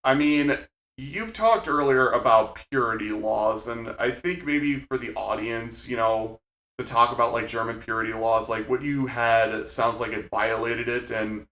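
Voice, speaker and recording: A man's voice: medium pitch, moderate pace, sharp tone. A young adult man co-hosting a casual podcast chat, prompting questions and playfully arguing back. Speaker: co-host, son. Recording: echoey room.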